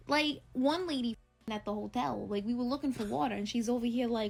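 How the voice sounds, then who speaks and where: A woman's voice: on the high side, brisk, creaky, faint music behind. A woman with a New Jersey accent telling a travel story to camera, blunt and swearing often. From New Jersey, United States. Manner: blunt, swears a lot, animated retelling.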